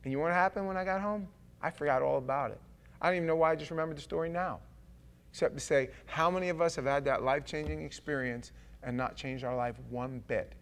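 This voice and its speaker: A pastor preaches a sermon, telling stories in a lively way and acting out the characters' voices. He speaks fast, with a voice on the high side.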